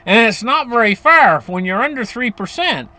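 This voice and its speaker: A man with a high, lively voice that leaps up and down as he explains money matters straight to his viewers. He rambles, doubles back on his sentences and chuckles now and then. It sounds casual and unscripted. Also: normal speed, no room sound. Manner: animated, rambling with restarts and chuckles. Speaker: finance commentator.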